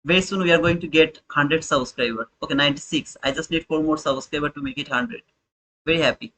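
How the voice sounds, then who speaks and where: A man's voice: a little high, animated, fast, pushed and bright, a little hiss or hum, low-quality recording. A young man hosting a live trading stream, talking informally to his chat and repeating his points. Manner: informal, repetitive, talks to chat viewers. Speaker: trading livestream host.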